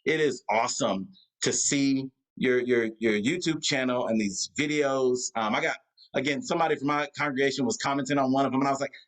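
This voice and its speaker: Here a man's mid-range voice comes through a bit bright and a little quick, though the audio is poor. A pastor and guest from the Atlanta area, he converses casually on a video call, rambling with many fillers and restarts.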